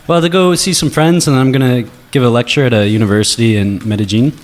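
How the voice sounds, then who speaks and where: A man in his thirties, a guest on a comedy radio show, making dry, deadpan jokes. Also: medium pitch, fast talker. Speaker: guest scientist. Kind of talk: casual comedy radio chat. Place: radio studio.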